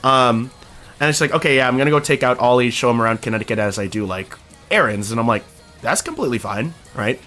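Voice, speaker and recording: A man's voice: quick pace, faint music behind. A young man from Canada casually telling a story to his stream chat, swearing now and then and acting out quotes. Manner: animated, swears casually, acts out quotes with big pitch jumps.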